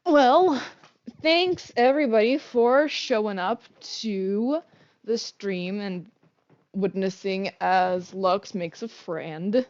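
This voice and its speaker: Slow, rambling woman streamer, not a native speaker. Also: medium pitch, expressive, lo-fi sound. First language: not English. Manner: rambling, self-mocking, swears casually. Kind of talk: casual game-stream chat.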